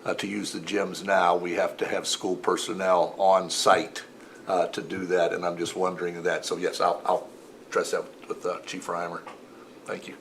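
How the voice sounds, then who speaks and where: A man's voice: deep voice, level tone, moderate pace, slight background noise. A man on a city council, asking questions in a hesitant, careful way. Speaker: council member.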